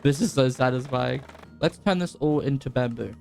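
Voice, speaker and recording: A young man giving casual, chatty commentary over his gameplay, his voice jumping high when excited. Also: normal speed, creaky, slight background noise. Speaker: gaming YouTuber. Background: faint background music.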